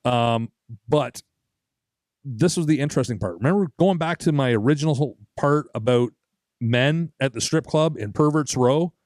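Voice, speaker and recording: A man's voice: medium pitch, normal speed, darkish tone, dry recording, clean studio sound. A young man co-hosting a podcast, telling a long story in a casual, profane way and acting out other people's lines. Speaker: podcast co-host.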